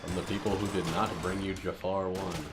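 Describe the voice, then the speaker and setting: A man with a very low voice gives casual, wry commentary while he plays a video game. He rambles and mutters asides to himself. Game music and gunfire play clearly behind him. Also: flat delivery, brisk. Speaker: streamer playing a video game. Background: loud game music and gunfire.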